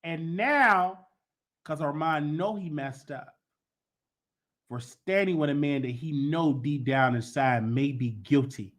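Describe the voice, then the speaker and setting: A man's voice: on the high side, takes it slowly. A man hosting a gossip commentary show, talking in a mocking, heated and sarcastic way. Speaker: host.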